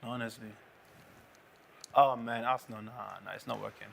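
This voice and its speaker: A man with a South London accent, co-hosting a football watchalong in casual chat, excitable and full of slang and repeated words. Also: mid-range voice, moderate pace, creaky, a little hiss or hum. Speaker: watchalong co-host.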